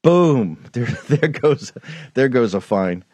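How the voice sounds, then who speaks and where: A man hosting a political talk show rants in a heated, rambling way, fired up, with frequent restarts and asides. His mid-range voice is expressive and slow with a darkish tone, in a dry recording.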